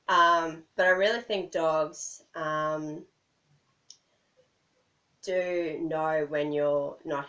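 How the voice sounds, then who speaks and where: A woman's voice: low-pitched, a bit bright. An Australian woman vlogger chatting casually to camera, rambling and self-deprecating, often laughing. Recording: dull lo-fi, distant mic.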